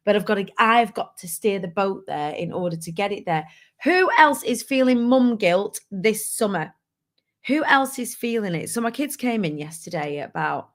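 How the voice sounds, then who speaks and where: Woman chatting to camera about work and her kids, open and a bit rambly, mid pitch. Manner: candid, rambling, expressive. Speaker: business owner and online community host. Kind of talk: casual to-camera talk.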